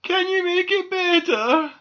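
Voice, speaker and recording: A man voicing a boastful young male toy squirrel in a storybook reading, high and loud. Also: a little slow, dull audio, full character voice. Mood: whimpering. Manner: shouting, then whimpering.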